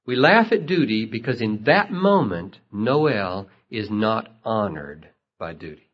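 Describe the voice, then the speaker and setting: Impassioned male preacher, husky voice. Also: lowish voice, animated, a little slow. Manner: impassioned, rising to emphatic peaks. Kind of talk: sermon. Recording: muffled lo-fi recording.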